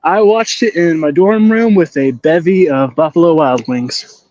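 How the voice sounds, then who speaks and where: A young man co-hosting a sports podcast with a wisecracking, teasing manner and a fairly high voice. The sound is dry and a little dull, as if from a lo-fi mic. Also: a little slow, a little mellow, dry recording. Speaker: podcast co-host. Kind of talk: casual chat.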